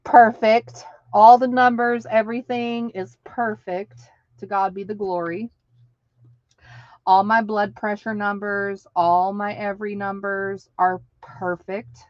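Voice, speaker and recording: Unhurried, chatty woman over 35. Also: medium pitch, no echo. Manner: chatty, laughs often between sentences; tells stories by acting out what people said. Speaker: live stream host. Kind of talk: casual live stream chat. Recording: dull lo-fi stream audio.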